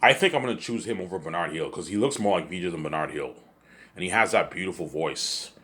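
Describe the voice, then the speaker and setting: A man's voice: low voice, fast, fairly bright tone, slightly rough. A man rambling in a casual solo monologue, repeating himself and often adding "you know what I'm saying.". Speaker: vlogger.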